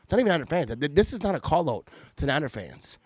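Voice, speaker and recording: Fired-up ranting man, high lively voice. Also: fast, breathy edge, no echo. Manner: fired-up, irritated, stammering restarts. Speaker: podcast host. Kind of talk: heated sports fan rant. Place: home at night. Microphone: podcast mic.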